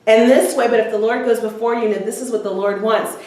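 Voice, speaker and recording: A woman's voice: on the high side, steady tone, quick pace, a little mellow. A woman teaching a women's Bible study, retelling scripture in casual everyday words with frequent ums. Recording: echoey room, voice from far off the mic.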